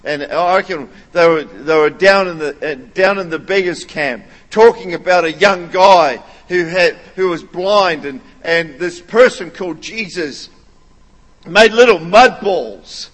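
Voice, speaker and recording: A man in his thirties preaches with lively, animated storytelling, his voice pitched a little high for a man. The sound carries the long reverb of a large church hall. His delivery swings from conversational asides to near-shouting peaks. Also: a little slow. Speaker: pastor. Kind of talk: sermon.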